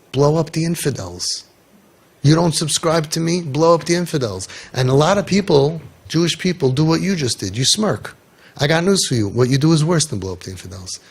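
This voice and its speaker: A man's voice: mid-range voice, creaky, slightly rough. A man coaching parents in an impassioned talk, telling stories and firing off rhetorical questions with emphasis.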